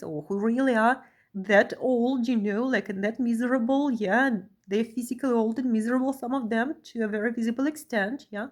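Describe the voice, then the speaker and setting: Woman, fairly high voice, vlog monologue, emotional, repeats "yeah?", loud then hushed. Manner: keeps adding a questioning "yeah?" after phrases; swings between raised, pressing outbursts and low, quiet stretches. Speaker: vlogger.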